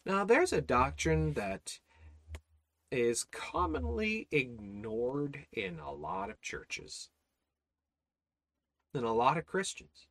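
A man's voice: on the high side, very animated, takes it slowly, long pauses, a bit bright, no echo. A man teaching an informal Bible study, exhorting his listeners with rhetorical questions, repeated phrases and frequent restarts. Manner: many restarts and repeated words.

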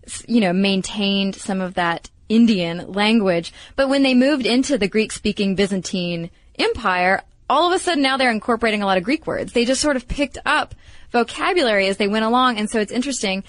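A woman co-hosting a casual podcast, sharing anecdotes in a chatty way and often restarting her sentences. Her middle-pitched voice is recorded close on a dry studio mic. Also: lively intonation, fairly quick, no room sound. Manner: chatty, storytelling, hesitant restarts. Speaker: podcast co-host.

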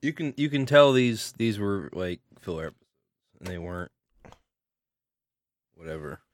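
A man's voice: lowish voice, expressive, moderate pace. A man co-hosting a podcast in casual chat, hesitant and trailing off as he talks. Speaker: podcast co-host.

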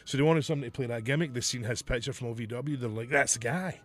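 Talking very fast in a mid-range voice, a middle-aged podcast host who used to wrestle shares stories in casual conversation. His talk is profane and punctuated by frequent laughter.

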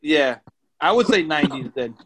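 A slightly high-voiced man chats excitedly about movies, slangy and swearing freely. He talks loosely, among friends. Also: moderate pace. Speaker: podcast co-host. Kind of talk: casual chat.

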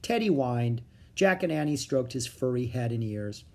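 A reader narrating a children's chapter book aloud in a calm, steady storytelling manner. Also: medium pitch, normal speed.

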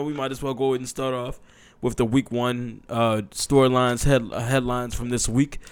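A young adult man hosting a casual football podcast, excitable and chatty, with loose talk full of fillers and restarts. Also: mid-range voice, normal speed, smooth. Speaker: podcast host.

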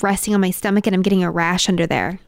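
A woman's voice: lowish voice, fairly even intonation, fast talker, no echo, studio quality. A pregnant woman in her thirties co-hosting a podcast with her husband. She chats in a candid, talkative way and laughs while telling stories. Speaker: podcast co-host. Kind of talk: casual chat.

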